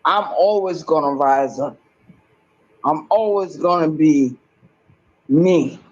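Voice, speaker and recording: A woman's voice: sits low, slow, darkish tone, muffled recording. A woman talking in an agitated, rambling monologue, emphatic and swearing often, repeating herself.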